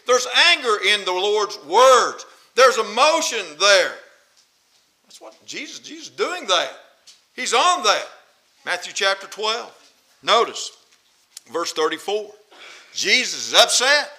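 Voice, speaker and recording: A male preacher delivers a sermon in a high, ringing voice. His tone is sharp and intense. He hammers each point, repeats key phrases and fires rhetorical questions at the listeners. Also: big pitch swings, measured pace, low-quality recording.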